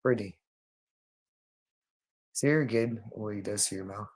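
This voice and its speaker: A man's voice: fairly low pitch, moderate pace, breathy edge. Man in an urgent, repetitive monologue. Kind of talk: rambling direct-to-camera monologue.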